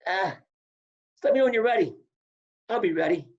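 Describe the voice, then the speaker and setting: A former wrestler appearing as a podcast guest tells wrestling stories in casual chat, speaking at normal speed in a high voice. He's an animated storyteller who acts out the quotes, and the audio is dull and lo-fi.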